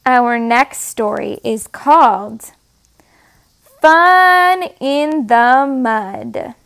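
A woman reading picture books aloud to toddlers in a slow, sing-song way, making animal sounds and asking them to point. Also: fairly high pitch, expressive, gravelly, a bit bright. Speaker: storyteller.

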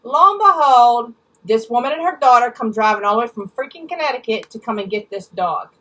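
A woman vents in a storytime vlog, cursing and mocking the people in her story. Her voice is bright and husky, and a little high. She sits a bit back from the mic. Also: animated, quick pace, far from the mic, poor audio. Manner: angry, blunt, swears freely, mimics people in quotes. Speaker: vlogger.

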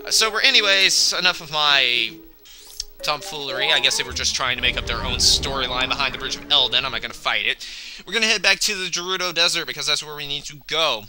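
A let's play commentator with a fairly high-pitched voice speaks fast on a rough recording, game music in the background. Playing a video game, he rambles excitably and tells the game off aloud when something goes wrong.

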